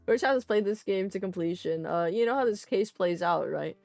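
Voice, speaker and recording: A woman's voice: mid-range voice, animated, brisk, gravelly, darkish tone, no room sound, faint music behind. A woman streamer playing a game, with playful, whiny commentary. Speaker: vtuber streamer. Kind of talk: casual let's-play commentary.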